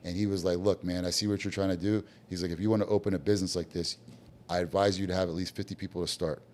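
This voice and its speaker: Man, very low voice, blunt storyteller, casual podcast guest who acts out quoted dialogue. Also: level tone, fast talker, darkish tone. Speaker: guest business owner.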